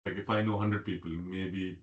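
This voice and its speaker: A man with a low voice speaks softly in a study group, thinking aloud with "I think" and "right?". The audio is dull and the room is echoey. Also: little pitch movement, moderate pace. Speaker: class participant. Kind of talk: group discussion and reading aloud.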